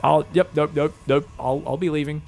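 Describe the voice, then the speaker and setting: A commentator playing a sheepish man who has walked into the wrong room, stammering and tripping over his words as he backs away. The voice sits a touch high for a man and gets louder as the stammer builds. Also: fairly even intonation, normal speed, vocal fry, soft background music. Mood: flustered. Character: flustered man backing out of a room.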